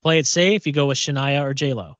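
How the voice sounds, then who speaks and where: A man's voice: medium pitch, a little fast, a bit bright, no room sound. A man co-hosting a pop culture podcast in casual chat, often repeating words as he thinks. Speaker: podcast co-host.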